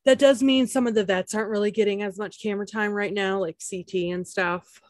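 A woman's voice: medium pitch, steady tone, brisk, dry recording. Chatty laughing woman, dry sound. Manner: chatty, laughs often, many fillers. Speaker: podcast co-host. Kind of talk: casual chat recapping a reality show.

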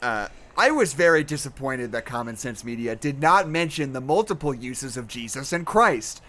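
A woman's voice: extremely low pitch, expressive, normal speed, a bit bright. A woman co-hosting a casual movie podcast, swearing freely and reading reviews aloud to her friends. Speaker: podcast co-host.

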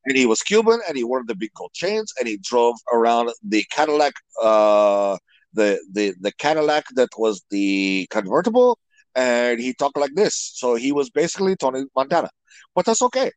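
A man's voice: medium pitch, animated, normal speed, no echo, rough recording. A man being interviewed in a casual podcast, giving opinionated, rambling answers full of restarts. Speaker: guest wrestling commentator.

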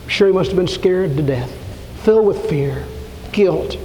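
A man preaching a sermon, telling a story and building to impassioned calls, sometimes dropping to a hush. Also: high-pitched, measured pace. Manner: storytelling, rising to impassioned preaching with shouts and hushed whispers. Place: church sanctuary. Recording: reverberant hall, faint room noise.

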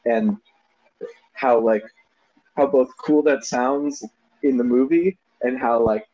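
A man's voice: medium pitch, takes it slowly. A man co-hosting a casual movie discussion podcast, laughing often and animatedly quoting lines from the film. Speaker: podcast co-host. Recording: dull lo-fi sound.

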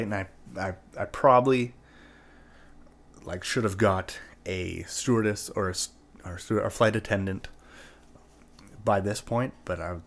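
A man from Canada telling a personal anecdote in a casual, profane, rambling way, full of "like" and "right?". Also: lowish voice. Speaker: storyteller.

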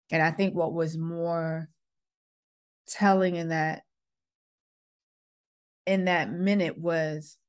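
Speaking in a low-pitched, darkish voice, this former principal turned podcast host, a middle-aged woman, earnestly recounts a personal story, performing the dialogue she quotes.

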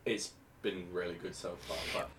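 A man co-hosting a casual podcast, animated and loud, swearing freely into his podcast mic. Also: sits low, normal speed, crowd noise. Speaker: podcast co-host. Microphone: podcast microphone.

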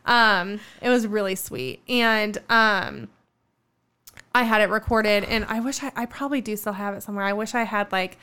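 A young woman in her twenties tells a long personal story in casual conversation. Her voice is smooth and clear at a medium pitch. She rambles warmly with plenty of fillers and restarts. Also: normal speed. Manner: chatty storytelling with many fillers. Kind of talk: casual chat.

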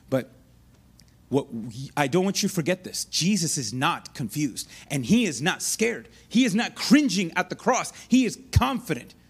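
Male pastor, thirties, high light voice, lively conversational sermon with hushed asides. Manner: animated, conversational preaching with sudden drops to a hushed voice.

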